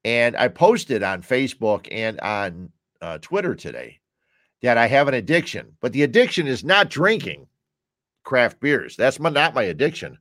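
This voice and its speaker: A man's voice: medium pitch, sing-song, moderate pace, fairly bright tone, no room sound, clean studio sound. A man with a Chicago-area American accent hosting his own show, chatting casually and rambling from topic to topic while sipping a beer at home. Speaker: podcast host. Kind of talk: casual solo chat while drinking beer.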